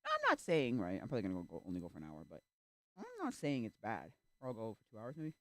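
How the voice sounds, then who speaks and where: A male streamer in casual chat, rambling with restarts and acting out little quoted exchanges, sometimes breaking into loud rants. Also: fairly low pitch, wildly swooping pitch, fast talker, no echo. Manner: gets loud and ranting.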